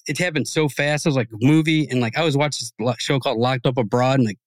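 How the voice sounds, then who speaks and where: A man's voice: mid-range voice, fast talker, no room sound. A man co-hosting a podcast, telling a long story in loose, profane casual chat. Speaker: podcast host.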